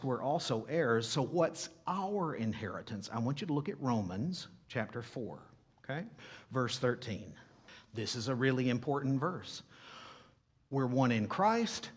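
A man's voice: mid-range voice, husky. A man with a foreign accent preaching a sermon. He keeps asking his listeners questions and then answering them himself. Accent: non-native English. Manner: animated, asks the congregation questions and answers them.

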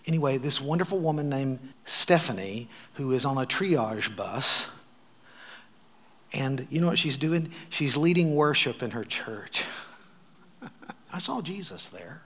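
An American man telling travel stories in a sermon, animated and wry, with dry asides. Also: mid-range voice, unhurried. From United States. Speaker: preacher. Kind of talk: sermon storytelling.

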